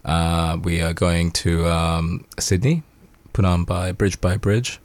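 A man's voice: low voice, steady tone, slow pace, dry recording. A man from Sri Lanka, a guest band member in casual chat, laid-back and slangy, laughing often and tired late at night.

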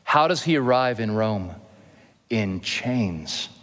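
A male pastor preaching an earnest expository sermon, slowing down to stress key phrases. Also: on the low side, lively intonation, fairly bright tone. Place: church sanctuary. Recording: long hall reverb.

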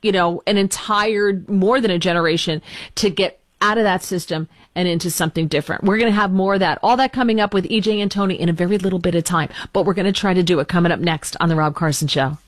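A woman's voice: on the low side, fast, no room sound. A woman hosting a talk radio show, chatting in an exasperated, self-deprecating way with her guest.

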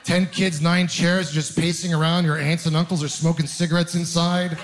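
A man's voice: a little high, flat delivery, moderate pace, slight background noise. A man in his thirties doing a conversational, self-deprecating stand-up routine with rambling asides. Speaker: stand-up comedian. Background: audience laughter.

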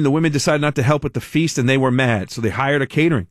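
A man's voice: mid-range voice, rapid-fire, dry recording. Male radio host, conversational and wry, dry close studio mic. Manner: wry, conversational, reads news aloud with asides. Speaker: radio talk show host. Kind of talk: talk radio monologue and call-in.

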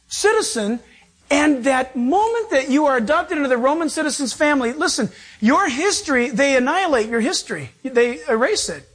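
A man preaching a sermon as pastor, animated and acting out quoted voices. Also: very high-pitched, slightly rough.

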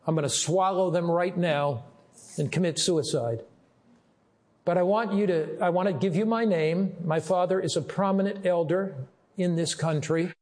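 Sad young woman pleading on the phone, quiet and low, a preacher man doing her lines. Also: lightly acted.

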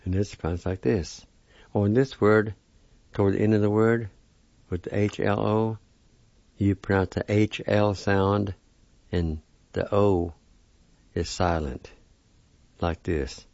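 Slow, deep-voiced man teaching words. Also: fairly even intonation, vocal fry, a little mellow, dry recording, lo-fi sound. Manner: slow, careful spelling and repetition of words. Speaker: radio language teacher. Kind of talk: weekly radio language lesson.

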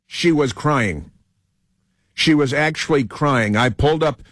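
A man's voice: medium pitch, no echo. Rambling male talk radio host, dry studio sound. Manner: rambling storytelling with mocking laughs. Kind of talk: casual radio monologue.

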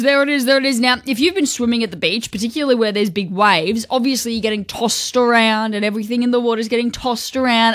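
A woman's voice: mid-range voice, a bit bright, dry recording. Australian woman, breakfast radio host, giggly self-mocking storyteller, dry studio mic. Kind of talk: chatty morning radio banter. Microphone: studio microphone.

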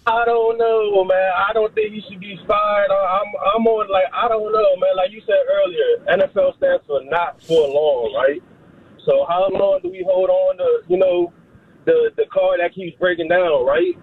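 A man's voice: sits high, very animated, measured pace, slight background noise. A man in his thirties calling a sports radio show, rambling and hesitant in casual talk over a phone line. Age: 30s. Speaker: caller. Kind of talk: call-in chat.

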